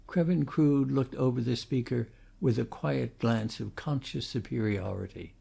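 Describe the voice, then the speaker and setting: A man narrating a classic novel as an audiobook, in steady, measured storytelling. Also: medium pitch, gravelly, husky. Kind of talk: scripted narration.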